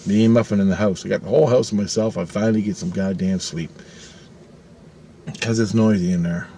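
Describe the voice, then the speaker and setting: A middle-aged man with a lowish voice tells a personal story at a fairly quick clip, with a little hiss or hum in the background. He's casual and animated, swears often, and acts out the voices of the people he quotes.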